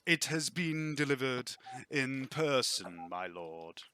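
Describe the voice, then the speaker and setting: A man voicing a deferential household servant who speaks slowly. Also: medium pitch, big pitch swings, pushed and bright, slight background noise, heavily acted.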